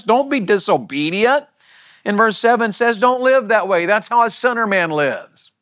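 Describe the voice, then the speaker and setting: Guy preaching hard to a room of men, high voice, asks the crowd stuff, gets loud then drops quiet. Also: dry recording, studio quality. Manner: emphatic, rhetorical questions, shifts between loud punches and quiet asides. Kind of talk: sermon to a men's session.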